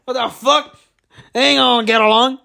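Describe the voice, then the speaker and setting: High-voiced congested man, rambling and laughing. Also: fairly even intonation, normal speed, creaky, bright, forceful tone. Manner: rambling, profane, laughing often. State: congested, coughing. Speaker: podcast co-host. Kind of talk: casual chat.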